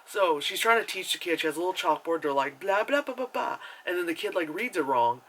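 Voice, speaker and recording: A man's voice: a little high, fast, fairly bright tone, a little hiss or hum, low-quality recording. A man giving a casual, rambling movie review, full of fillers, sarcasm and swearing.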